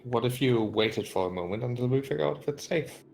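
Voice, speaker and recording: Measured, cautious male player. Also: medium pitch, lively intonation, creaky, darkish tone, soft background music. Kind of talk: casual tabletop play.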